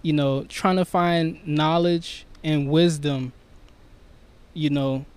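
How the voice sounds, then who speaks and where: A man in casual conversation, talking reflectively and softly about his own life and struggles. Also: a little high, steady tone, slow pace, clear, resonant tone. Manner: reflective, soft-spoken, storytelling. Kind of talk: casual chat.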